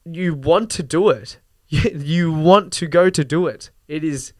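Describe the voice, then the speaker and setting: A man's voice: fairly high pitch, measured pace, no echo. A young man hosting a podcast, ranting casually, with lots of fillers and some swearing. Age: young adult. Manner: animated, swears, frequent fillers and laughs. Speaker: podcast host. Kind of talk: casual rant.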